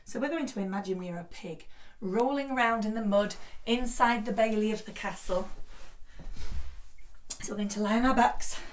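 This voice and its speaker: A woman teaching a children's yoga class in a gentle, encouraging way. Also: medium pitch, moderate pace. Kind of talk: guided kids' yoga class. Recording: echoey room, voice from a distance.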